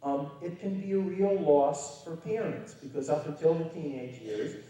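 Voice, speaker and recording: A man's voice: on the high side, expressive, moderate pace, mellow, far from the mic. A man giving a public lecture to parents, talking in a wry, conversational storytelling way with emphatic stresses. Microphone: distant from the microphone. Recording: very echoey hall, voice picked up from afar.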